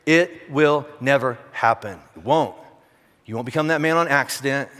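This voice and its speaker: A man's voice: mid-range voice, moderate pace, a bit bright. A man preaching a sermon to his congregation in a direct, conversational way, firing off rhetorical questions. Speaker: pastor. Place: large church auditorium. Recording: long reverb of a large church hall.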